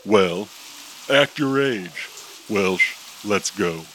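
A man's voice: lowish voice, lively intonation, very slow, fairly bright tone, slight background noise, exaggerated voice, rough recording. A man voicing a stubborn, proud young male superhero who speaks defiantly. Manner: defiant, indignant.

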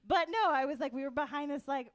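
A woman's voice: high-pitched, fast talker. A woman co-hosting a podcast, telling stories in a giggly, playful way. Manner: giggly, animated storyteller. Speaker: podcast co-host. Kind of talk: playful casual chat.

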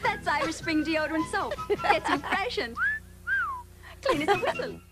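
A woman singing an old soap commercial jingle in a high, chirpy voice over music. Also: lively intonation, normal speed. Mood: jingly.

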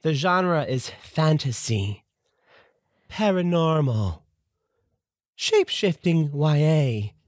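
A man's voice: fairly high pitch, lively intonation, slow pace, pauses often, no room sound, clean studio sound. A man co-hosting a podcast in casual chat, sick with bronchitis and chuckling as he teases. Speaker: podcast co-host. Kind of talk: casual chat about audiobooks.

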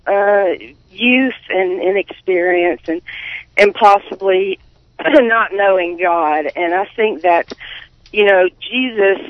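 A woman speaks slowly over a tinny, dry phone line. She talks in a halting, heartfelt way and pauses often. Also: medium pitch, no echo. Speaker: caller. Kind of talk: call-in radio comment.

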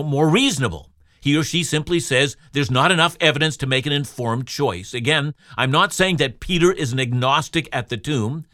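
Lively, animated male radio preacher. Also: on the high side, dry recording, clean studio sound. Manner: expressive, rhetorical preaching with direct address to listeners. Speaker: Bible teacher. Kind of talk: radio sermon.

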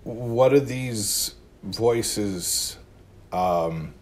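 A man's voice: lowish voice, extremely slow, darkish tone. A man hosting an interview, asking probing questions and rephrasing the guest's ideas.

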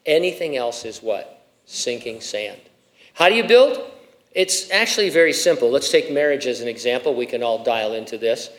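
A middle-aged male pastor delivers an expository sermon in a conversational way, full of asides and rhetorical questions. His voice sits at a middle pitch for a man. He raises his voice with emphasis whenever he reads scripture aloud. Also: lively intonation, moderate pace.

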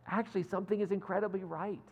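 Male pastor doing a grateful, scared young woman, slightly high voice, echoing hall. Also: lively intonation, moderate pace, a little mellow, lo-fi sound. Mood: excited. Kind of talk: sermon. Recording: long hall reverb.

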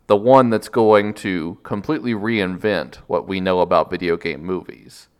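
A wry man hosting a podcast, talking in a lowish voice. He jokes a lot and laughs often in casual chat. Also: steady tone, normal speed, smooth. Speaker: podcast host.

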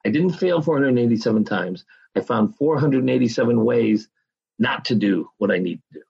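A man's voice: medium pitch, expressive, normal speed, gravelly, a little mellow, slightly rough, muffled recording. A middle-aged man, a podcast guest, telling his story in a candid, casual way and swearing freely.

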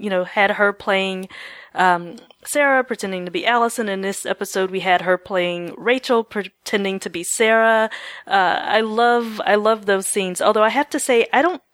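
A woman's voice: medium pitch, a bit bright, no room sound. A woman co-hosting a podcast, musing on a TV episode with lots of "you know" and "um". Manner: thoughtful, hedging with fillers like "you know" and "um". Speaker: podcast co-host. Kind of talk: casual TV recap chat.

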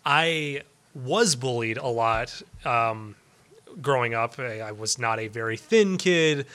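A man's voice: medium pitch, slow pace, fairly bright tone. A man co-hosting a movie podcast in casual chat, rambling with lots of restarts and easy laughs. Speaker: podcast co-host.

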